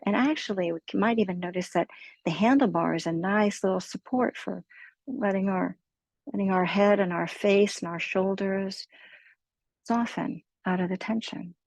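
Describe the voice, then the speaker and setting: A woman leading a guided mindfulness talk with a low, husky, slightly gravelly voice. She speaks slowly and gently, in a soothing, unhurried way. The sound is dry and close, with no room around it. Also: no echo, poor audio. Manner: slow, gentle, soothing delivery. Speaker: meditation teacher.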